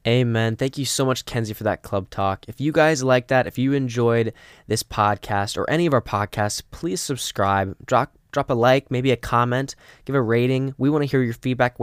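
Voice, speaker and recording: A man's voice: medium pitch, normal speed, clear, resonant tone, no echo, studio quality. A young man co-hosting a podcast, closing the episode with a sincere, humble appeal to listeners. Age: young adult. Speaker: podcast co-host. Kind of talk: casual podcast outro.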